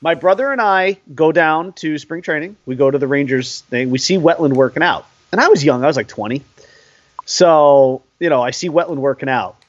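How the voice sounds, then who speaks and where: Podcast co-host, man in his forties, animated storyteller, pitch a touch high. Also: moderate pace, dry recording, muffled recording. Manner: animated storyteller, laughs often. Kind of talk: casual sports chat.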